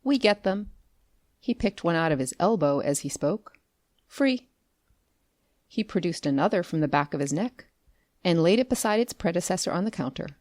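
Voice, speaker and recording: A woman narrating a classic story as an audiobook, with expressive storytelling. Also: fairly low pitch, fairly quick, no room sound, studio quality. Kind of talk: scripted narration.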